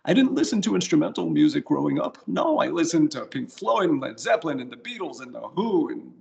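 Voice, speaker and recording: New york guy chatting in an interview, kinda gravelly, pokes fun at himself. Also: fairly high pitch, very animated, a little fast, warm tone, muffled recording. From United States. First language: English. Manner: self-deprecating, chatty. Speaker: guitarist, interview guest. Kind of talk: casual interview answers.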